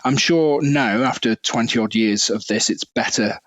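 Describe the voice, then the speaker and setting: A man's voice: medium pitch, moderate pace, a bit bright, dry recording. A man talking as a podcast guest in a casual, reflective way, often restarting his sentences. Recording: dull lo-fi sound.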